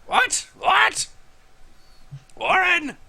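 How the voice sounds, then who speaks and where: A man voicing a miserly, wizened old male halfling with a shrill, gummy voice, shouting crankily. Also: big pitch swings, extremely slow, vocal fry, heavy background noise, exaggerated voice. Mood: cranky. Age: older. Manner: cranky, half-deaf shouting.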